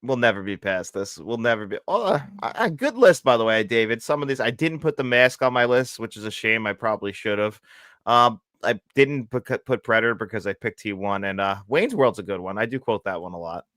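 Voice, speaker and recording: A man's voice: on the low side, lively intonation, brisk, a bit bright, no echo. Male co-host, casual and jokey, laughs easily, dry close recording. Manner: laughs often, acts out film quotes. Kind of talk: casual live show chat.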